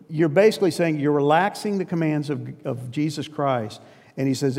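A man's voice: fairly high pitch, fairly quick, darkish tone. An earnest male pastor preaches with a slightly raised voice, his conversational delivery carried on a long hall reverb. He presses his points with plain emphasis. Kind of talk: sermon.

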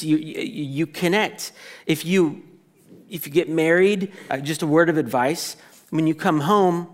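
A man preaching a sermon to a congregation in a conversational, animated way, often restarting his sentences and acting out quoted reactions. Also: a little high. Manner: conversational, animated, self-interrupting, with playful quoted asides. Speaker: pastor.

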